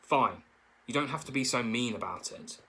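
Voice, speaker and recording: A man's voice: mid-range voice, expressive, moderate pace, pushed and bright. A man voicing a sulky young male bear who whines and repeats his sister. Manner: whiny, copies his sister.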